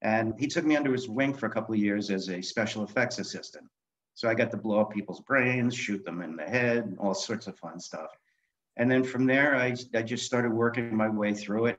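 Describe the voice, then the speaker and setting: Older guy, low voice, spinning film-set stories, acts out the quotes, dull lo-fi audio. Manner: animated anecdotes, acting out quoted dialogue. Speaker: guest, author and film director. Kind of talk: storytelling in a podcast interview. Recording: dull lo-fi sound.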